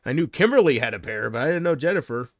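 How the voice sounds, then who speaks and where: A man's voice: medium pitch, expressive, fast talker, dry recording. A man chatting casually on a livestream, rambling from thought to thought and often trailing off.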